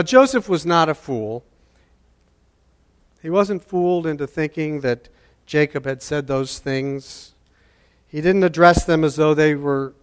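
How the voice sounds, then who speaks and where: A man preaching a sermon, deliberate in delivery and repeating key phrases for emphasis. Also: fairly high pitch, long reverb tail.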